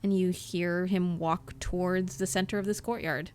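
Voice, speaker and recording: A woman's voice: fairly low pitch, steady tone, moderate pace, darkish tone, slight background noise. A woman narrating a tabletop game as game master, rambling through her descriptions with many fillers.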